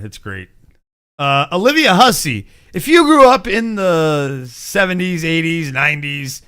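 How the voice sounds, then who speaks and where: Hosting a laid-back entertainment news conversation, this U.S. man in his forties rambles, curses and laughs frequently. He speaks at medium pitch in a pushed, bright, smooth voice.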